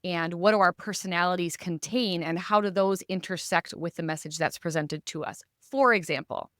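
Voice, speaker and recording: A woman with a lowish voice hosts a podcast, reflective and searching for her words as she builds a question. Her voice is dry and close to the mic. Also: normal speed, fairly bright tone, no room sound. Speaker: podcast host. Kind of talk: casual podcast discussion.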